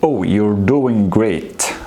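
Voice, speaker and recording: A man's voice: lowish voice, lively intonation, very slow, warm tone, slight background noise. A man teaching a beginner language lesson, patiently repeating words and encouraging the learners. His first language is Arabic.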